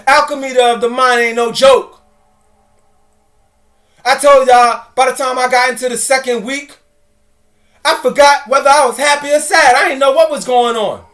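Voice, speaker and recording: Man, very high voice, casual storytelling, talks straight to listeners. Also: fairly bright tone. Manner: casual, addresses listeners directly, repeats phrases. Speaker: presenter. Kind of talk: storytelling monologue to an audience.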